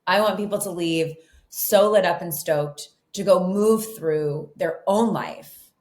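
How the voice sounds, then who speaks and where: A middle-aged woman, a guest author, telling her story in a casual interview, chatty and animated with lots of "like" and "you know". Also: lowish voice, slow. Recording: echoey room.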